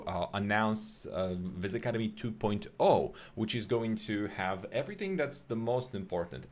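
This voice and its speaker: A young man teaching a live online 3D rendering webinar, talking in a chatty way with many fillers and restarts. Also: lowish voice. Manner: chatty, filler-heavy, greets viewers by name.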